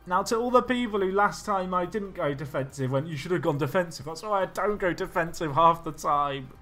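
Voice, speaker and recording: An excitable man commentates on his own football management game during a live stream, going from low, nervous muttering to loud, panicked shouts. His voice sits a touch high and sounds bright and tense. Faint music plays behind him. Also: fairly quick. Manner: nervous, excitable, swings between mutters and yelling.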